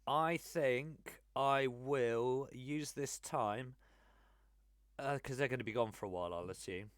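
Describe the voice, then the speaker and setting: A man's voice: mid-range voice, takes it slowly, dry recording. Dry-sounding man playing casually. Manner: casual and chatty, with frequent fillers. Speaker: player. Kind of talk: casual tabletop play, speaking for a character.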